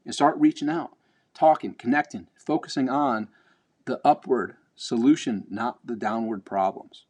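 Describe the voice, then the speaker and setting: A man's voice: mid-range voice, unhurried, darkish tone. A man vlogging a motivational talk, blunt and emphatic, swearing casually and repeating words as he builds up.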